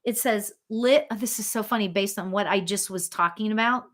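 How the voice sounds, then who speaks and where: A woman's voice: medium pitch, a little fast, fairly bright tone. A woman hosting a live spiritual reading show, chatting casually with viewers, giggly and full of ums and restarts.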